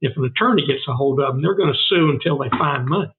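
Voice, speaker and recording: Speaking fast with a mid-range voice and background noise behind him, an older Southern US man guests in a casual interview. The food bank founder tells his stories earnestly and emphatically, repeating words for stress, and the sound is narrow like a phone.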